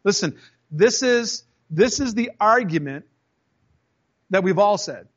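Speaking slowly in a high, lively voice, a pastor delivers a conversational sermon full of stories, acting out the voices in his anecdotes and addressing the congregation directly. The sound quality is lo-fi.

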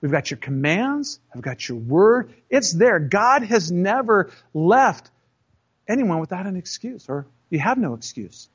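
A man's voice: sits high, sing-song, unhurried, breathy edge, lo-fi sound. A man preaching a sermon in a conversational way, telling stories, acting out voices and speaking straight to his congregation. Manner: storytelling, acts out voices in anecdotes; conversational, addresses the congregation directly. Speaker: pastor.

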